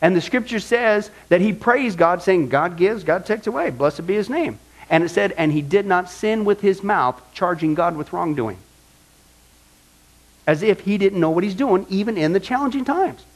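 A man's voice: high voice, lively intonation, moderate pace, poor audio. A male pastor preaching a sermon, asking the congregation rhetorical questions and acting out the complaints of the people he quotes.

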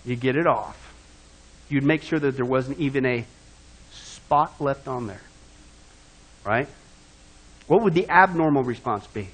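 A male pastor preaching a sermon, swinging from loud, emphatic passages down to low, hushed asides. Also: a little slow, long pauses, husky, poor audio.

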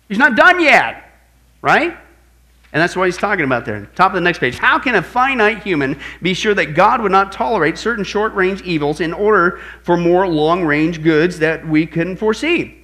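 A pastor preaches apologetics in a bright, slightly high voice. He swings animatedly from hushed, low storytelling to loud quoted outbursts in this sermon-style teaching.

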